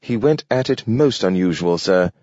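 A man's voice: fairly low pitch, expressive, moderate pace, darkish tone, no room sound. A man reading an audiobook, voicing a robot butler who speaks in a deferential, fussy and formal way. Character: polite, worried robot butler Jenkins. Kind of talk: audiobook character voice. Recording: dull, dry studio read.

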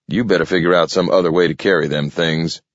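A man voicing a gruff, wary male wolf who grumbles at his companion in a storybook reading. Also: deep voice, fairly even intonation, quick pace, no echo, muffled recording. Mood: grumbling.

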